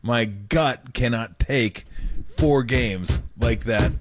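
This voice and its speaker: A man's voice: mid-range voice, drawn-out words, a little hiss or hum. A man hosting sports talk radio in a casual, conversational way, often chuckling.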